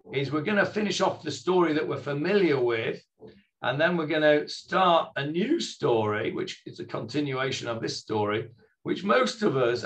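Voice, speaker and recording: A man with a mid-range, slightly bright voice leads an online Sunday morning scripture class over a video call. He's a Bible teacher, and he talks in a friendly but hesitant way, full of fillers and restarts.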